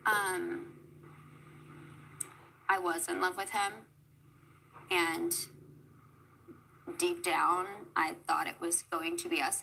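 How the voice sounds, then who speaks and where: A woman on a televised reality show talks softly and hesitantly about her feelings, with many pauses. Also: lowish voice, creaky, a little hiss or hum, poor audio. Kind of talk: emotional televised interview.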